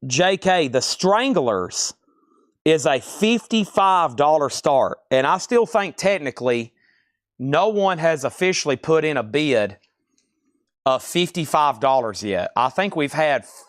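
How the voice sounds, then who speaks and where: A man hosting a live-stream record auction, calling out bids and prices in a loud, projecting voice. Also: mid-range voice, no echo, clean studio sound. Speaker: auction host.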